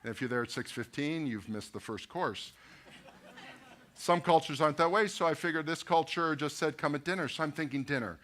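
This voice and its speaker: A man's voice: a little high, a little fast. A middle-aged man, a pastor, giving a talk at a business luncheon, telling anecdotes and asking the audience rhetorical questions. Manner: storytelling, animated anecdotes with quoted dialogue.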